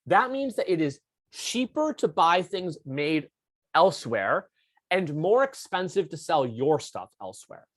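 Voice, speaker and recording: A male debate coach lectures his students in a loose, informal way, leaning on fillers and slangy asides. His voice rises and falls a lot, sitting a little high, and it sounds dry and close to the mic. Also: sing-song, measured pace, no room sound.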